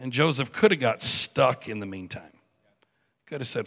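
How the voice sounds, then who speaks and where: A man preaching a sermon in a church with animated delivery, acting out biblical figures with joking asides. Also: medium pitch, moderate pace, creaky, pauses often. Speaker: pastor. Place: church sanctuary. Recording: reverberant church hall.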